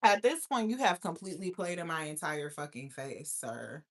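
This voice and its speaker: Animated, profane woman telling a story. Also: moderate pace. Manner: animated and profane, swinging between loud outbursts and low asides; slangy, emphatic street talk. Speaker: host. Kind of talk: casual storytime monologue.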